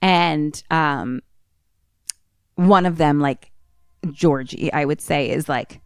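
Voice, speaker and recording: A woman podcast co-host casually retelling a film plot, animated and swearing often. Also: low voice, slow, clean tone, no echo, clean studio sound.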